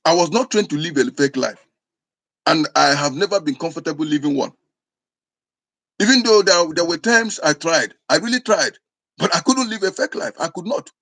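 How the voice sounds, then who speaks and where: Igbo-accented man, fairly high, raspy voice; emphatic, passionate speech. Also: lively intonation, normal speed. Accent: Igbo Nigerian. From Igbo land, Nigeria. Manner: forceful, repetitive, emphatic. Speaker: speaker. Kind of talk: impassioned monologue.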